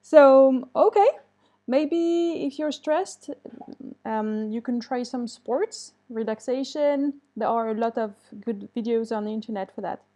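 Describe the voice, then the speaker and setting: A woman's voice: a little high, moderate pace, few pauses, warm tone. A woman teaching an online English class, reading student answers aloud and commenting kindly, switching to to correct mistakes. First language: French.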